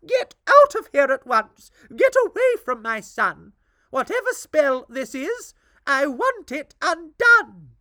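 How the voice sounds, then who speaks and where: A woman's voice: extremely high pitch, big pitch swings, slow pace, no room sound, studio quality, pitched above the performer's own voice, exaggerated voice. Woman putting on a squealing furious queen. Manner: squealing, indignant. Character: shrill furious older queen, protective mother.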